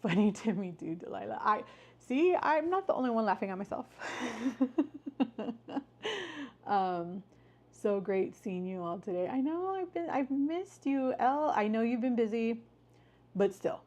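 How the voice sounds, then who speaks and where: A woman's voice: on the high side, animated, moderate pace, darkish tone. Chatty upbeat woman live-streaming. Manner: chatty and upbeat, greets viewers by name and cheers them on. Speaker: livestream host. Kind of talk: casual live-stream chat with viewers.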